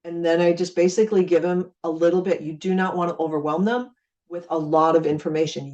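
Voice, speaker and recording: A woman's voice: on the low side, a little mellow. A middle-aged woman from Minnesota giving a casual training talk on network marketing, chatty and acting out conversations. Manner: chatty, acts out conversations with friendly repeated phrases. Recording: speaking far from the mic.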